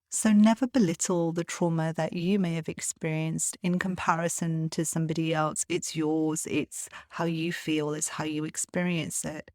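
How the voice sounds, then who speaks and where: Low-voiced woman hosting a confiding podcast. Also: dry recording, clean studio sound. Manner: earnest, confiding, with soft laughs. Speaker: podcast host. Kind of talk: solo podcast talk.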